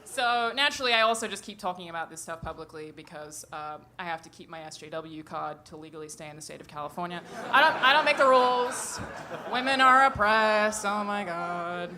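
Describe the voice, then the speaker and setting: Brash, bright-voiced woman doing stand-up. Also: lowish voice, quick pace, few pauses. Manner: brash, profane, laughs at her own jokes. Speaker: stand-up comedian. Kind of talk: stand-up comedy set. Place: comedy stage before a live audience.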